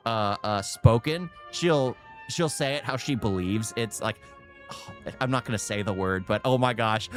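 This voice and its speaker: A man's voice: mid-range voice, animated, a little slow, faint music behind. A man hosting a reaction video, rambling casually and chuckling as he talks. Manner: rambling, self-interrupting, chuckles often.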